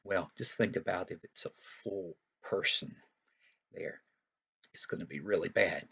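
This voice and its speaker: Male Sunday school teacher, low, gravelly voice, folksy storyteller who explains as he goes. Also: unhurried, pushed and bright. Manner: folksy and explanatory, with frequent asides. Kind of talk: retelling a Bible story for young children.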